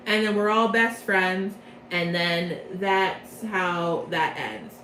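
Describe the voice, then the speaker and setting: A young woman chats her way through a game's storyline, bubbly and full of jokes, slipping into quick voices for the characters. The room around her rings with echo, and a faint noise sits underneath. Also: lowish voice, a bit bright. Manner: bubbly, jokey, acts out quick character quotes. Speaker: storyteller recapping a game plot. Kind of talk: casual chatty plot recap.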